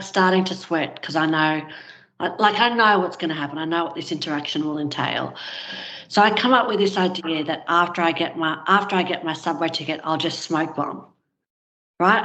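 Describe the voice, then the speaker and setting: Woman guest, lower register, candid storyteller, muffled lo-fi recording. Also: a bit bright. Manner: candid, frank, with filler words. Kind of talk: personal storytelling in conversation. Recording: dull, lo-fi sound.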